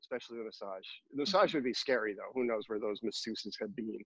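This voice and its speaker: A man's voice: on the low side, fast talker, a bit bright, slightly rough, dry recording, dull audio. A man co-hosting a podcast in casual chat, telling rambling, joking stories. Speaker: podcast co-host.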